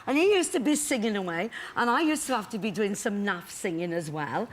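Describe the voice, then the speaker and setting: A woman's voice: mid-range voice, lively intonation, brisk. An older woman, a guest actress on a chat show, telling stories with laughter and acting out voices. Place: TV studio.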